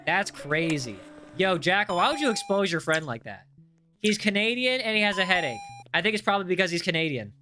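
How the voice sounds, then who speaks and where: A young man hosting a casual game livestream, reading chat aloud in an excitable, jokey way with frequent restarts. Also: high voice, a little fast, music in the background. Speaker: livestream host.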